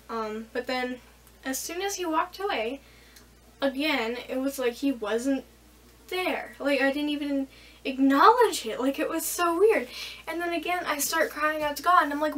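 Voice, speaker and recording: High-voiced young woman telling a story. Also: a little slow, long pauses, distant mic. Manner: rambling, animated retelling with quoted dialogue. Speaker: vlogger. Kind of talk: casual storytelling. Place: bedroom.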